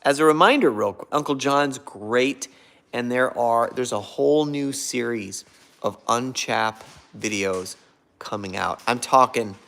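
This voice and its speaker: A man's voice: mid-range voice, a little slow, vocal fry, a bit bright. A man hosting a casual livestream, rambling and losing his train of thought while he reads out viewer comments and thanks them. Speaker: livestream host.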